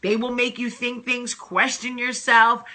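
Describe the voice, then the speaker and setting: A woman hosting a casual advice vlog, talking in an animated, emphatic and sassy way. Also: on the high side, measured pace. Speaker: host.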